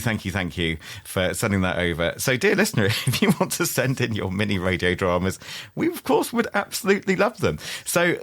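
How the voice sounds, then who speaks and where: A man's voice: on the low side, a bit bright. A man hosting a tech podcast, chatting in a jokey, teasing way. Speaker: podcast host. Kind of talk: casual chat.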